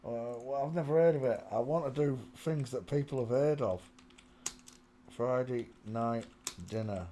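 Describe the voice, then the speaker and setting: A man's voice: medium pitch, unhurried, dark tone, slight background noise. Muttering man live-streaming from home. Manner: muttering, sings snatches of a song. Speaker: channel host. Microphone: small desk microphone.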